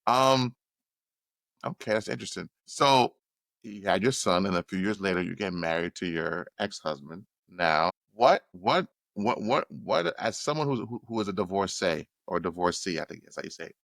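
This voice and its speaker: A man hosting a podcast, asking searching questions in a relaxed conversational way with many restarts. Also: low voice, normal speed, gravelly, no echo. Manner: warm, probing questions with frequent restarts. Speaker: podcast host. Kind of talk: casual interview chat.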